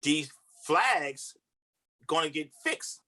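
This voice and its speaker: A man's voice: fairly high pitch, animated, extremely slow, sharp tone. A man, a relationship coach, giving earnest advice in casual podcast chat with everyday slang.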